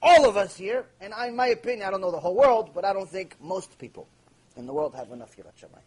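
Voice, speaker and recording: Emphatic high-voiced man lecturing on Torah. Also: expressive, fast, a little mellow, breathy edge, low-quality recording. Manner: emphatic, repeats key phrases, acts out imagined prayers. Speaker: Torah teacher.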